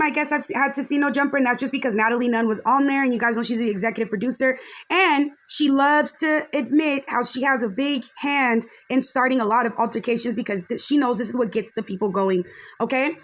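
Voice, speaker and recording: A woman's voice: high-pitched, a little fast, soft background music. A woman hosting a podcast, giving frank, chatty reaction commentary on a video and dropping in a few Spanish phrases.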